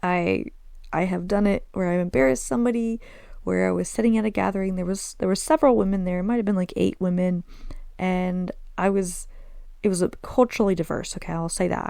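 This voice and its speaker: A woman with a Southern American accent hosts her own solo podcast, telling stories candidly and self-deprecatingly while slipping in Arabic phrases. Her lowish, dark voice is steady, a little fast and has vocal fry, and the recording is dry.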